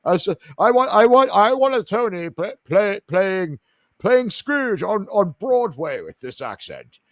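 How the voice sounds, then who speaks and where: A man's voice: high-pitched, wildly swooping pitch, measured pace, vocal fry, mellow, slightly rough, no echo, voice pushed up, full character voice. A man putting on a stammering, self-pitying starship captain as a mocking impression. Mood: indignant. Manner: stammering, grandiose complaining. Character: pompous aging male starship captain, rambling and self-pitying.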